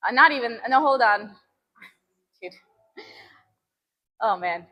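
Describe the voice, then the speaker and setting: A woman's voice: mid-range voice, measured pace, pauses often, bright, forceful tone, low-quality recording. A young woman streaming a gym workout, chatting casually and breathlessly between sets, restarting her sentences. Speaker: fitness streamer.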